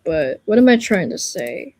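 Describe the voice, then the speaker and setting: A woman's voice: lowish voice, very animated, unhurried, a little mellow, a little hiss or hum. A woman on a casual livestream giving an earnest, reassuring pep talk, rambling and searching for her words as she goes.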